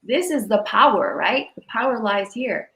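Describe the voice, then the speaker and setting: Animated woman healer on an echoey call. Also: a little high, moderate pace, gravelly. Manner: animated, guiding listeners through exercises. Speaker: energy healer. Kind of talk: livestream coaching talk.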